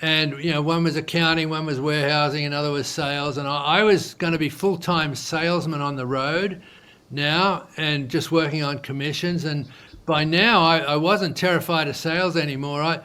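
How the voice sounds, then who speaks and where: A man's voice: on the high side, moderate pace, smooth. A man telling his business story casually in an interview, in loose speech with many fillers. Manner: animated storyteller who acts out quoted dialogue. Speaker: entrepreneur guest.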